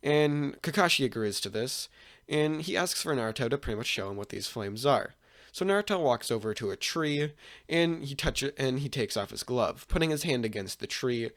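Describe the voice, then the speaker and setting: A man's voice: mid-range voice, lively intonation, moderate pace, fairly bright tone. A man casually retelling a fan story, rambling with many restarts and fillers.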